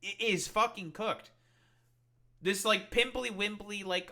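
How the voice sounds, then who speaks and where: Streamer, male, fairly high and sharply bright voice, ranting exasperated and profane over the news. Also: fairly even intonation, slow pace, long pauses. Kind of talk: ranting political commentary. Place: home streaming setup.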